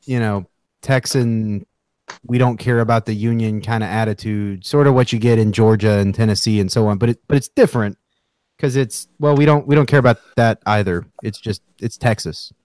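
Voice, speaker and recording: A man's voice: lowish voice, steady tone, normal speed, a little mellow, no echo. A man co-hosting a podcast in casual chat, easygoing and full of fillers that let his sentences trail off.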